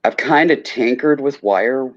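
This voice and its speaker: A man co-host in casual chat, relaxed and hesitant with many fillers. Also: medium pitch, unhurried. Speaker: podcast co-host. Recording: dull lo-fi recording.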